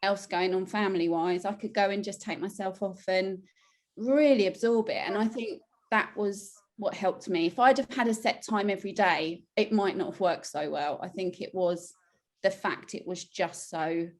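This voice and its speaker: Woman, middle pitch, chatty guest who acts out her own quotes. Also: steady tone, normal speed. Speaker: newly trained children's relaxation coach. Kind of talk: casual interview chat.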